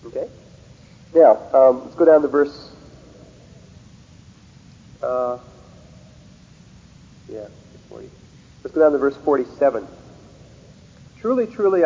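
A man's voice: mid-range voice, expressive, a little slow, pauses often, mellow, highs cut off. A man lecturing methodically on Bible verses, reading scripture aloud with emphasis and checking in with rhetorical questions. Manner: asks rhetorical checks like "See?" and "Okay?". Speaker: lecturer on theology.

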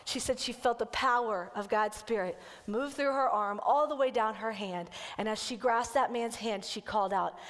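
A woman kids' pastor telling a story in a sermon and then leading the congregation through a slow, earnest breathing prayer. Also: on the high side. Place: church sanctuary. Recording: church hall with long reverb.

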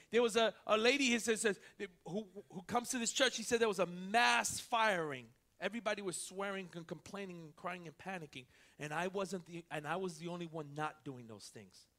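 A male pastor preaching a sermon with a very high, bright, forceful voice. He tells stories with quick back-and-forth dialogue, then swings from quiet asides to loud preaching.

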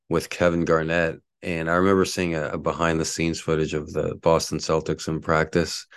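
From his apartment, a man with an extremely low, smooth voice hosts a solo sports podcast, rambling with plenty of fillers. He angrily rants at a neighbor outside, and there's no room sound.

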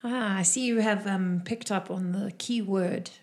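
A weary blind seamstress speaks softly and with measured care, as a woman running the game puts her on. Her voice sits at a middling pitch and stays hushed and discreet throughout. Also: lightly acted. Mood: reminiscing. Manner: soft, quiet and measured. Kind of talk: tabletop role-play.

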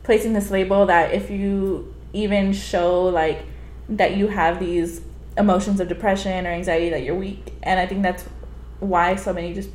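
A woman's voice: medium pitch, fairly even intonation, a little mellow. A woman co-hosting a casual podcast chat, swearing freely and speaking with emphasis. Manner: fast, profane, emphatic. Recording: echoey room.

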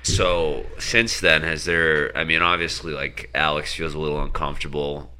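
Podcast co-host: young man, extremely deep pitch, bright edge, wisecracking. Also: steady tone, normal speed, clean tone. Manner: wisecracking, jokey interjections. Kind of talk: casual chat.

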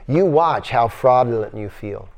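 An older man giving a spiritual lecture to a class in a yoga center, animated and acting out voices as he repeats his phrases. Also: medium pitch, measured pace.

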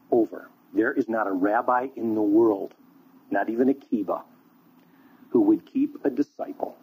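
A man preaching a sermon, telling a story in an animated, conversational way. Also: lowish voice, breathy edge. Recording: tinny phone-like line.

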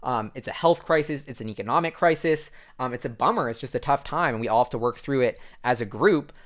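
Fast, rambling male vlogger. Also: medium pitch. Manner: rambling, filler-heavy, excitable. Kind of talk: casual commentary recap.

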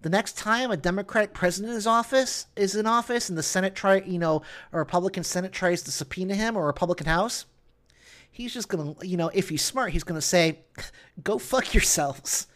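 A man's voice: sits high, fast, a bit bright. Podcast host guy, earnest, argues his point, stumbles and restarts a lot. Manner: earnest, argumentative, many restarts. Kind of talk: casual political chat.

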